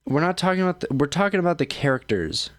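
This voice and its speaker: A man's voice: a little high, animated, quick pace, no room sound, clean studio sound. A man hosting his own show, ranting profanely and rambling through reaction commentary with lots of fillers. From United States. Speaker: streamer and show host.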